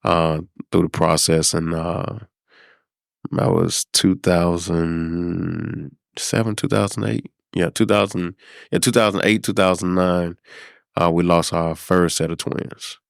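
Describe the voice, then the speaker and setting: A middle-aged man from South Dallas, a podcast guest telling a personal story in an unhurried, reflective way, with many pauses and fillers. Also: deep voice, steady tone, gravelly, no room sound, clean studio sound. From South Dallas, Texas. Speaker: podcast guest, former high school principal.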